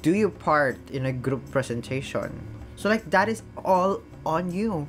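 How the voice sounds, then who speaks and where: A woman's voice: deep voice, animated, a little slow, soft background music. A young Filipino woman with a Filipino accent, reacting to a drama and mixing Tagalog with English. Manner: mixes Tagalog and English, laughs and squeals often. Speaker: reaction vlogger.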